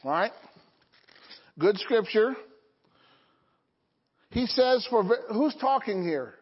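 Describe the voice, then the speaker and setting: High-voiced preaching man, lo-fi. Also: animated, slow pace, breathy edge. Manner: call-and-response preaching, frequent "Okay?" and "Amen?". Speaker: pastor. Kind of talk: sermon. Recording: dull lo-fi recording.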